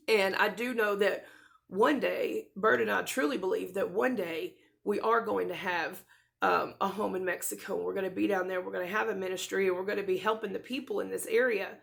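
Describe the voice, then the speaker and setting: Earnest woman with a creaky voice. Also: mid-range voice, fairly even intonation, moderate pace. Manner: earnest, rambling, with many restarts and soft laughs. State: close to tears. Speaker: vlogger. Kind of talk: casual talk to camera.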